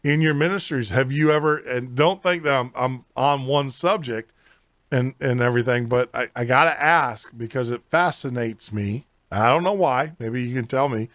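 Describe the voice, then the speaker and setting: A man's voice: medium pitch, normal speed, a bit bright, no room sound. A man hosting a casual interview, rambling and thinking aloud as he talks. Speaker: podcast host.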